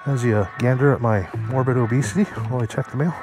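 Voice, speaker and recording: Speaking quickly over music in a mid-range voice with fairly even intonation, this motorcycle vlogger narrates a loose, jokey motovlog. He rides through the streets of town, later moves indoors, and talks to his viewers as if they were kids.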